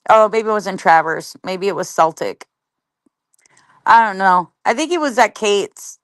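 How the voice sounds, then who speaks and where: Streaming live, a woman greets her viewers and reads the chat, talking bluntly with heavy swearing and rambling asides. Her mid-range voice is expressive and a little slow, captured in studio quality with no echo.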